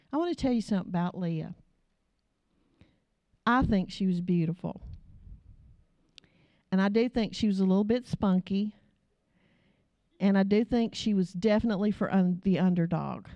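A woman's voice: mid-range voice, normal speed, long pauses, warm tone, no room sound. A middle-aged woman, a pastor's wife preaching a sermon through emotional storytelling and pleading.

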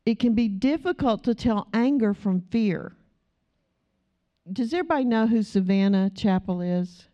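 A woman's voice: fairly high pitch, lively intonation, moderate pace, lo-fi sound. Chatty woman teaching a church class. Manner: chatty, laughing, asks the group questions. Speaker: Bible study teacher. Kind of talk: church teaching with personal stories.

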